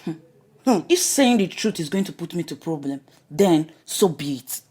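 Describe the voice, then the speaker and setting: A woman's voice: on the low side, animated, moderate pace, darkish tone, husky. An actress playing an outspoken palace woman with a Nigerian accent in a film. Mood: defiant. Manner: blunt, defiant. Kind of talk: film acting.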